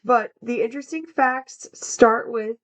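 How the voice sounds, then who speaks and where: A woman's voice: on the high side, steady tone, measured pace. A young American woman co-hosting a podcast, reading researched facts in a casual, chatty way with plenty of fillers. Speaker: podcast co-host. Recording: dull lo-fi sound.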